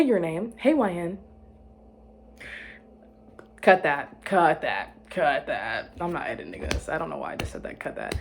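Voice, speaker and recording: A young woman with a slightly low, breathy voice rambles through a personal story, correcting herself mid-sentence and giggling along the way. The talk is loose and casual, like chatting with a friend. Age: young adult. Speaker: vlogger. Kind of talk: casual chat.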